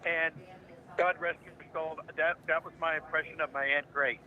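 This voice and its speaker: A voice actor in his seventies from Ohio, United States, tells jokey anecdotes as a guest in a casual interview, speaking fairly quickly in a voice on the high side. He's an animated raconteur, and the audio has phone-quality sound with slight background noise.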